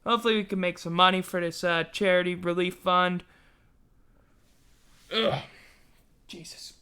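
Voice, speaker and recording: Guy hosting a chill sports stream, bright voice, rambles and keeps yawning. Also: high voice, steady tone, moderate pace, smooth. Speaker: podcast host. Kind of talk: casual livestream chat.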